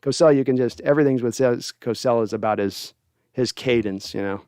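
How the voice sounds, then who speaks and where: A man's voice: mid-range voice, fairly quick, warm tone, clean tone, dry recording, studio quality. A man hosting a casual sports livestream, rambling through viewer comments with plenty of fillers. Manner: rambling, lots of fillers, laughs at himself. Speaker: sports show host.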